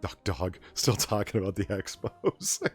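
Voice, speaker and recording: A man from the United States hosting a casual late-night chat stream, talking in an animated, profane, ranting way. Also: fairly low pitch, measured pace, slightly rough, soft background music. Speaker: stream host.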